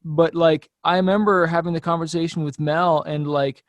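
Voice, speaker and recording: A man, a musician guest on a podcast, telling a story in a relaxed, loose way, full of "like" and "you know". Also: fairly high pitch, normal speed, dry recording. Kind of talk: casual chat.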